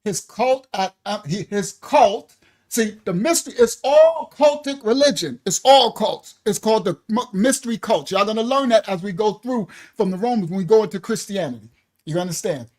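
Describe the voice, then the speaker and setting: A ministry teacher gives a livestream lesson, reading aloud from slides and breaking off to talk straight to viewers. The delivery is animated and emotional, with outbursts of laughter and apologies. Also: medium pitch, moderate pace. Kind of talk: livestreamed Bible-history lesson.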